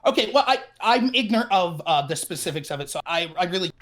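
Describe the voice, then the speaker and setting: A man's voice: sits high, animated, fast, a bit bright. A man in his thirties calling in over a voice call with a cutting-out mic, hedging and apologetic as he argues. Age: 30s. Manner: hesitant, apologetic, hedging with "I feel". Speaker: caller. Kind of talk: casual political debate. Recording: call audio, mic gating.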